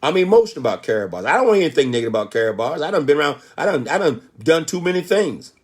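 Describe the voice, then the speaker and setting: This older motivational speaker talks very fast in a slightly high, somewhat rough voice with big pitch swings. His emphatic talk is built on rhetorical questions he answers himself, punctuated by frequent "Okay?" checks.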